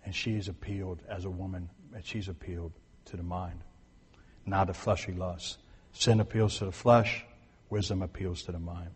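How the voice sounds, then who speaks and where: Guy preaching, kinda breathy husky voice, talks it through casual, repeats himself for emphasis. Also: sits low, fairly even intonation, normal speed, big-room sound. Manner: conversational, repeats points for emphasis; restarts and corrects himself mid-sentence. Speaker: pastor. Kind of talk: sermon.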